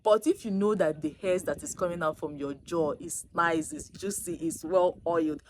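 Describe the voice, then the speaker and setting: A woman vlogger giving casual dating advice straight to camera, emphatic and teasing, swinging between loud bursts and soft asides. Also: lowish voice, animated, normal speed, a little hiss or hum.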